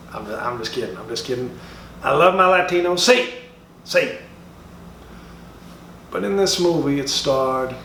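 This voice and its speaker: A man's voice: mid-range voice, noisy background, close to an everyday voice. A man doing a comedic impression of a brash middle-aged comedian, who speaks to schoolchildren in a drawling, profane, taunting way. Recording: roomy sound from a distant mic.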